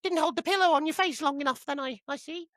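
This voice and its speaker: A man's voice: extremely high pitch, fast talker, bright, forceful tone, dry recording, studio quality, pitched above the performer's own voice. A man doing a sarcastic impression of an irritated wife in casual chat. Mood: exasperated. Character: irritated wife, young adult woman, exasperated.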